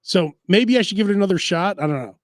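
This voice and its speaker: A man's voice: high voice, lively intonation, fast talker, no echo, studio quality. A man hosting a casual food podcast, telling rambling stories and mimicking voices. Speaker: podcast host. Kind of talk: casual chat.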